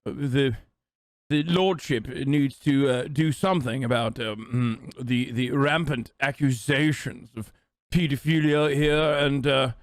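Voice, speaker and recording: A man's voice: mid-range voice, steady tone, slow pace, no room sound, studio quality, lightly acted. A man voicing a pompous, evasive posh British Tory politician who rambles and hesitates.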